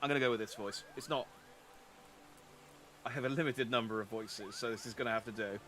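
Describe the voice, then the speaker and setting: A man's voice: medium pitch, fairly even intonation, fairly quick, pushed and bright, a little hiss or hum. A man streaming as a VTuber, chatting casually through a game and often correcting himself mid-sentence. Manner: rambling, self-correcting, chatty. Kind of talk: casual gameplay commentary.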